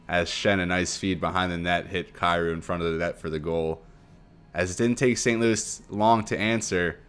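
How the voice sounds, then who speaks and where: A man giving play-by-play commentary on a hockey video game, calling each play quickly and rising sharply on goals. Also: deep voice, clean tone. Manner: rapid play-by-play, excited surges on goals. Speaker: gaming commentator.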